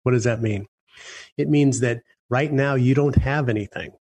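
Husky-voiced opinionated radio host. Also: male voice, mid-range voice, moderate pace, a little mellow. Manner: blunt, opinionated, jokey. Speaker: radio talk show host. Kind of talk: radio talk show chat.

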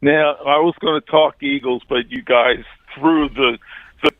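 A man's voice: medium pitch, steady tone, a little slow. Man in his sixties calling in on tinny phone line. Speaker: caller. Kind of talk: call-in chat.

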